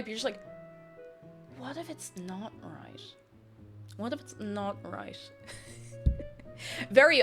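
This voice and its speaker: A young Irish woman chatting casually on a live stream, greeting viewers by name and reading their messages aloud with plenty of laughter. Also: a little high. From Ireland. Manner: chatty, animated, laughs often, reads chat names aloud. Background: faint music.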